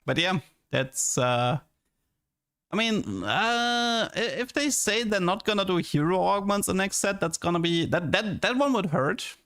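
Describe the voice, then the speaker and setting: A man's voice: high-pitched, expressive, unhurried, a bit bright. A young man streaming and chatting casually, rambling and stammering, often repeating words and laughing.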